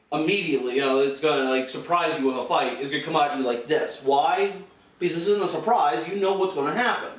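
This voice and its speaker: A man instructing self-defense, talking casually with frequent restarts and acted-out lines while demonstrating. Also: a little high. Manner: casual, conversational, many restarts and acted-out quotes. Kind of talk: demonstration lesson. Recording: roomy echo, mic far off.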